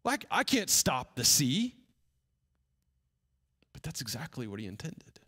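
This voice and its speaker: A man's voice: mid-range voice, measured pace, slightly rough. A man preaching a sermon as a first-person dramatic story, dropping to whispers for suspense. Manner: animated retelling, drops to whispers for suspense. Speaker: pastor.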